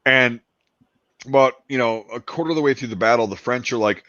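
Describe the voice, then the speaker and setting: A man in casual chat, telling a story with lots of energy and quick asides, acting out the people in it and swearing freely. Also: mid-range voice, dry recording. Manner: excited storyteller, acts out quoted soldiers, swears. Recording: dull lo-fi dry sound.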